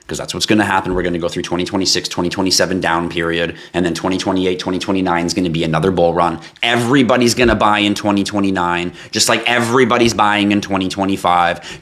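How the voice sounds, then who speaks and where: A man from Canada hosting a crypto livestream, chatting casually with viewers and reading their comments in a profane, teasing, animated way. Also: low-pitched.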